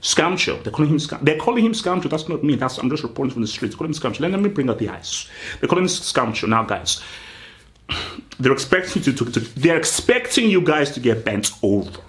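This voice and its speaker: Animated man ranting a mock team talk. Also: medium pitch. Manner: mock team talk, addressing players directly, swinging loud and slow. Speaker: football channel host. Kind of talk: comedic football pep-talk rant.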